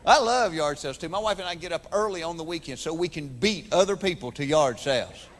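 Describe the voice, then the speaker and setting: Performing to a theater audience in a large hall, a Georgia comedian with a Southern accent tells folksy stories and does voices in his stand-up set. His delivery is a little high, expressive and a little fast.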